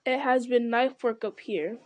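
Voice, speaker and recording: A woman reading aloud voices a calm, proud male elf archer who speaks with measured understatement. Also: on the high side, no echo, lo-fi sound, natural voice.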